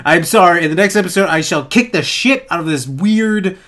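A young man narrating his horror game playthrough, swearing often and yelling at enemies. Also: high voice, brisk. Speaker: gaming YouTuber. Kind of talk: let's play commentary.

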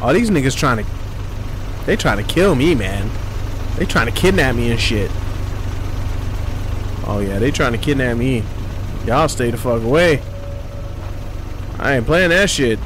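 A man giving loud, profane horror game commentary as a gaming streamer, trash-talking at the screen. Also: medium pitch, background noise.

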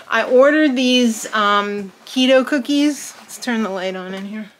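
A young woman vlogger talking casually to her viewers in a slightly high voice. She is chatty and upbeat and laughs easily as she talks. A faint hum of ambience sits behind her. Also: slow. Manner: chatty, upbeat, laughs often, many fillers and restarts. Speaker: vlogger host. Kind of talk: casual chatty vlog update.

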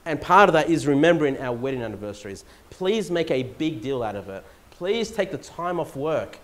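A man's voice: a little high, very animated, brisk, a bit bright. A middle-aged Australian man preaching a sermon in a church, conversational with rising emphatic peaks. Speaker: pastor.

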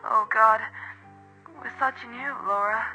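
A remorseful middle-aged mother, tearful and pleading, from a spoken horror story, as a man puts her on. The voice is very bright and edged with gravel. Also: high-pitched, moderate pace, soft background music, full character voice, rough recording. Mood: distraught. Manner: pleading, distraught. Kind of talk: storytelling narration.

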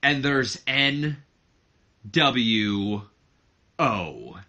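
A man's voice: medium pitch, sing-song, measured pace, bright, forceful tone, heavily acted. A man voicing a brash young heir to a wrestling company, taunting his father in a smug promo. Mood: gloating.

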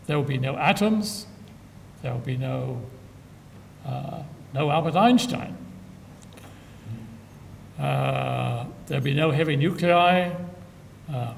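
An older man giving a public science lecture with dry humor and frequent filler pauses, recorded in a lecture hall from a distance. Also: creaky. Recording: echoey hall from far off, faint rumble.

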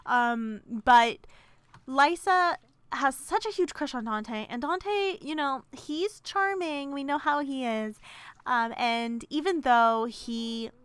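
Woman narrator for a casual let's play; chatty and gossipy, rambles with fillers, voice on the high side. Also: slow, fairly bright tone, clear, resonant tone, dry recording. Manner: rambling, many fillers and restarts. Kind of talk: casual game commentary.

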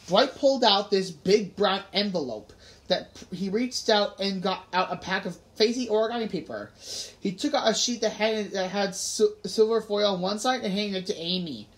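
A woman's voice: medium pitch, normal speed. Woman reading an audiobook casually. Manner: casual, conversational narration. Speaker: audiobook reader. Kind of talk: audiobook narration.

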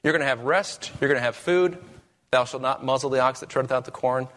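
A man's voice: medium pitch, a little fast, fairly bright tone. A man preaching a sermon as pastor, with emphatic, rising questions.

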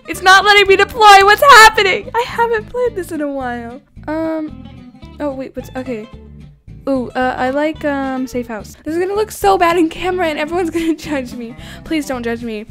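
A woman giving casual, giggly, excitable commentary while playing a video game, often laughing at herself. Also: sits high. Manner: giggly, excitable, self-deprecating. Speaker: gaming YouTuber.

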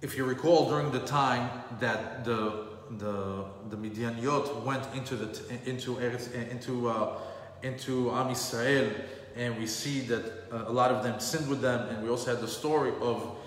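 A man's voice: mid-range voice, steady tone, normal speed. A man giving a storytelling Torah lesson, repeating phrases for emphasis and dropping in Hebrew terms. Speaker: Torah class teacher. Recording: echoey hall with faint background noise.

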